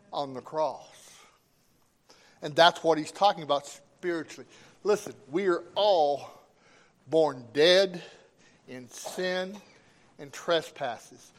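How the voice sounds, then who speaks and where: Slow-preaching man pastor. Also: on the high side. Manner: preaching with rising emphasis and call-outs to the congregation. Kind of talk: sermon.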